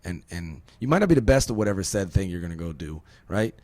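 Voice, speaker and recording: Deep-voiced man ranting on a podcast. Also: lively intonation, fast talker, a little mellow, no echo. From Virginia. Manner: emphatic, rambling, swears, rhetorical questions. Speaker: podcast host. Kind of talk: casual podcast conversation.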